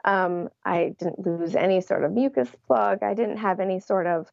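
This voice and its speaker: A woman's voice: medium pitch, normal speed, vocal fry, a little mellow, no room sound, highs cut off. A young adult woman, an interview guest, telling her story in a casual way and laughing often. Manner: laughs often while recounting.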